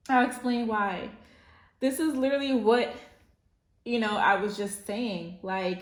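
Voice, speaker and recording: A woman giving a casual spiritual tarot reading, rambling and effusive, with lots of fillers. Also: fairly low pitch. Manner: meandering, filler-heavy, effusive. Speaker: tarot reader. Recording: roomy echo.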